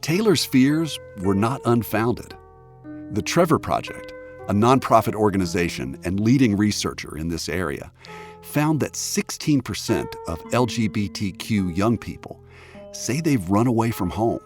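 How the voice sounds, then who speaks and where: A man with a low voice and lively, expressive pitch narrates a public radio documentary as host. His delivery is measured and scripted, with soft music underneath. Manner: measured narration, reacting warmly in conversation. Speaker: podcast host.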